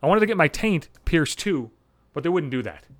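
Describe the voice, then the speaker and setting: A man's voice: fairly high pitch, big pitch swings, fairly quick, a bit bright. A man retelling the words of a boastful male coworker who blurts things out eagerly.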